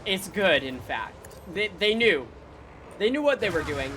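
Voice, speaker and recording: A woman streamer giving excitable, casual commentary on a game. She swears freely and reads game dialogue aloud. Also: fairly low pitch, measured pace, noisy background.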